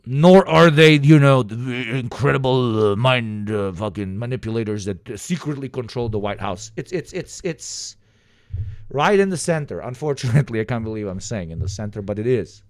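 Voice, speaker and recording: A man's voice: mid-range voice, moderate pace, dry recording. A man streaming live and reacting to clips, talking in a profane, joking, ranting way. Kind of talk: casual livestream commentary.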